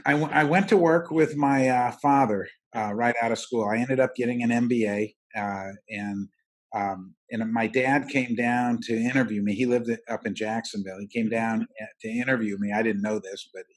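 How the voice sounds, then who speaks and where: In an interview, a middle-aged man who is president of a roofing company tells his story, halting often with many restarts and fillers. His mid-range voice holds a steady tone.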